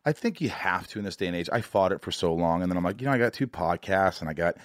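A man's voice: deep voice, lively intonation, fast talker, no echo, studio quality. A man hosting a podcast, chatting casually in a rambling, jokey, self-deprecating way. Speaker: podcast host. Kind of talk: casual interview chat.

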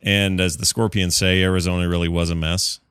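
A man's voice: low voice, level tone, a little fast, fairly bright tone, clear, resonant tone, dry recording, clean studio sound. A man hosting a podcast in casual, joking chat with a co-host. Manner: chatty, joking, self-deprecating.

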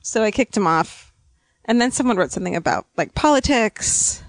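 A woman co-host chatting casually and telling stories with frank, salty language. Her pitch swings widely as she talks. The sound is close and dry, with no room echo. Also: normal speed. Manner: animated storytelling, frank and swearing. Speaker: podcast co-host. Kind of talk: casual comedic chat.

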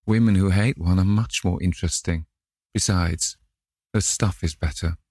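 A man voicing a bored, cynical young gentleman who talks in a languid, cutting way. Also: low-pitched, moderate pace, breathy edge, no echo.

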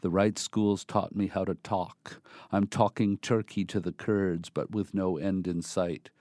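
A man reading a poem aloud in a measured, deliberate recitation. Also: deep voice, level tone, warm tone, no room sound, studio quality. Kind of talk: poetry reading.

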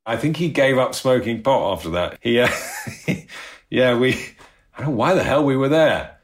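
A man's voice: mid-range voice, expressive, moderate pace. A middle-aged man telling rambling, self-deprecating stories in a casual interview, laughing often. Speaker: actor recalling a show.

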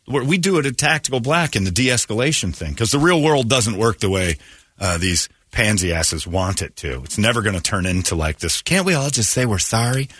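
A man's voice: fairly low pitch, expressive, moderate pace, a bit bright, husky, no room sound. A man hosting a morning radio show, talking in a crude, joking, rambling way at a studio mic. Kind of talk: casual morning radio chat.

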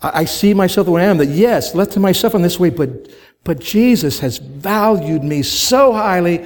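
A man's voice: high-pitched, animated. A man preaching a sermon to a congregation in a conversational way, asking rhetorical questions and growing emphatic as he goes. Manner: grows emphatic and quickens when stirred. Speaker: pastor.

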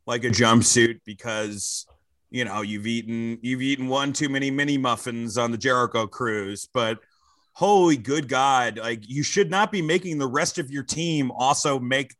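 A man's voice: mid-range voice, moderate pace, dry recording. A man co-hosting a comedy wrestling podcast, talking casually and crudely with lots of swearing. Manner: crude, animated, swearing freely. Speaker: podcast co-host.

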